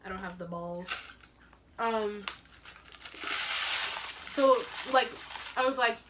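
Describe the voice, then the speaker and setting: A woman's voice: mid-range voice, slow pace, noisy background. A young woman telling a personal story on a casual podcast, rambling, with lots of "like" and frequent laughter. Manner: rambling, heavy use of "like", laughs often. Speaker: podcast co-host.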